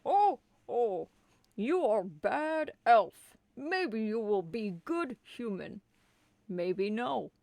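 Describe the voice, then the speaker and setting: A woman voicing a blunt, booming old Santa in a comic storybook reading. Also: lively intonation, very slow, vocal fry, darkish tone, dry recording, full character voice. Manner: booming, broken English.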